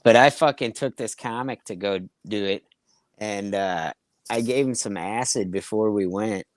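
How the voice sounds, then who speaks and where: A man's voice: on the low side, moderate pace, no room sound. A young man who is a comedian, telling rambling, profane anecdotes in casual chat and acting out the quotes. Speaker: comedian, podcast co-host.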